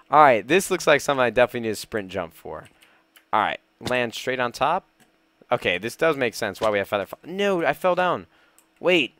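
A man giving excitable let's play commentary, nervously talking himself through each jump and chatting to his viewers. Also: mid-range voice, smooth, no echo. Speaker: gaming YouTuber.

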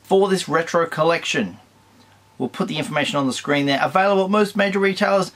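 A man's voice: a little high, fast talker, fairly bright tone. A man with an Australian accent hosting a toy collector channel, chatting casually and enthusiastically with wry asides. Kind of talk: casual chat reviewing toy news.

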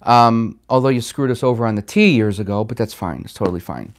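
A man's voice: mid-range voice, a little fast. A man hosting a casual livestream, rambling and chatty as he reads out and answers viewer comments. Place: home in Chicago.

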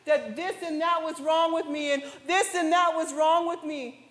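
A woman pastor preaching a sermon with passion, at times rising to shouts. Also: extremely high pitch, steady tone, moderate pace. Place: large church hall. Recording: echoey church hall with long reverb.

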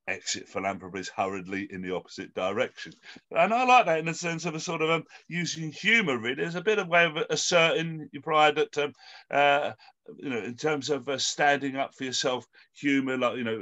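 A man with a fairly high, bright and forceful voice hosts an online panel over a video call. He speaks hesitantly, full of ums and false starts. His tone is lively rather than polished. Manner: hesitant, with many ums and restarts. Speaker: host. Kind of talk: hosting an online panel discussion.

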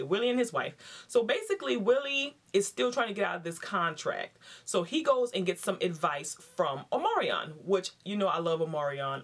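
Chatty woman recapping a reality show. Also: sits low. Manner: chatty, acts out quotes in raised voices; slangy and laughing. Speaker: TV show reviewer. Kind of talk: casual episode recap.

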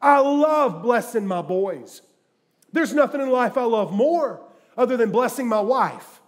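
A middle-aged man preaching a sermon, telling jokey stories and swinging from quiet asides to loud bursts. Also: very high voice, expressive, measured pace. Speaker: guest preacher. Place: church sanctuary with live audience.

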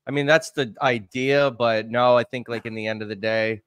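A man's voice: mid-range voice, steady tone, moderate pace, fairly bright tone, smooth, no room sound. A man in casual podcast chat, laid-back with short replies.

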